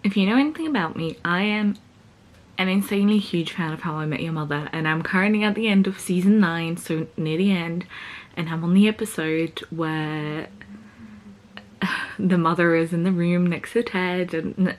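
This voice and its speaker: Young woman vlogger, slightly low voice, casual chat with self-mocking asides, recorded in her bedroom. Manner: chatty and self-deprecating, joking asides. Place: her small bedroom at home.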